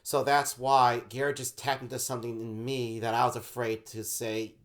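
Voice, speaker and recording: A man talks through a casual vlog story at a middle pitch. His voice jumps up in volume and excitement when he acts out his past reactions, then settles back to easy chat. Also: moderate pace, slight background noise. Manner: animated, gets loud when reenacting his frustration. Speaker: co-host of a web show vlog.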